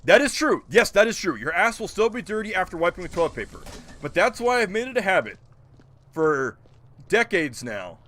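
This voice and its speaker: Male streamer, high voice, very animated pitch, joking, incredulous rants, casual. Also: moderate pace. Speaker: gaming streamer. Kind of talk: casual live-stream chat.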